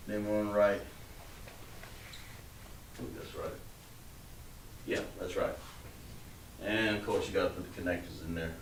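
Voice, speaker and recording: A man's voice: sits low, fairly even intonation, moderate pace, long pauses. A man teaching a class, patiently coaxing students and trailing off as he writes on the board. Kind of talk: classroom instruction. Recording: roomy, distant mic with background noise.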